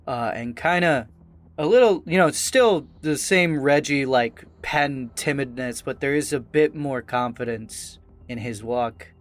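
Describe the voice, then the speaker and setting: A man's voice: mid-range voice, unhurried. Man, player, casual, hesitant, mid-range voice. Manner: casual, hesitant, lots of fillers. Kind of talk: casual tabletop play.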